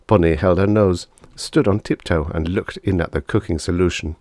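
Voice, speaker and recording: A man's voice: sits low, moderate pace, hardly any pauses, a little mellow, dry recording. A man reading vintage science fiction aloud as scripted audiobook narration, with a dry storytelling delivery. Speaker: audiobook reader.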